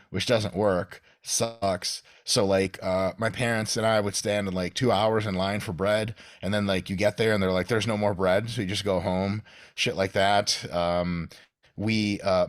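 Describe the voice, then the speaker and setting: A man's voice: fairly low pitch, no room sound, clean studio sound. A man in his thirties, from Russia, chatting as a podcast guest in a profane, joking way and explaining things at length. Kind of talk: casual podcast chat.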